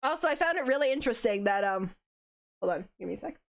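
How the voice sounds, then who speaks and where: A woman's voice: a little high, expressive, fast. A woman streaming casual commentary on a headphone-and-desk mic, gushing and giggling, filling her talk with "like". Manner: giggly, gushing, heavy use of "like". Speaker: virtual streamer. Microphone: headphones and desk microphone.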